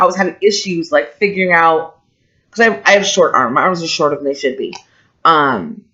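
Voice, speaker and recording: A woman's voice: on the low side, a bit bright. Candid woman vlogger, dull lo-fi sound. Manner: candid, emotional, rambling with restarts. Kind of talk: personal confessional vlog. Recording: dull lo-fi home recording.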